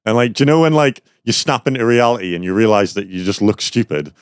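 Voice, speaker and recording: A young man with a fairly low voice, a guest on a podcast, spins a loose, rambling story full of ums and likes. His voice sounds dry and close to the mic. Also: expressive, fast, clear, resonant tone, dry recording. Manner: rambling storyteller, many fillers and laughs. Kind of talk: casual chat.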